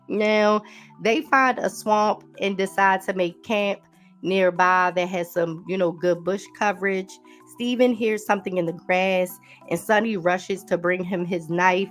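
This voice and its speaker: A woman's voice: mid-range voice, a little slow. A woman hosting a podcast, giving a casual recap and talking straight to her listeners. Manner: chatty, talks straight to listeners with "y'all" and "honey". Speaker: podcast host. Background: faint background music.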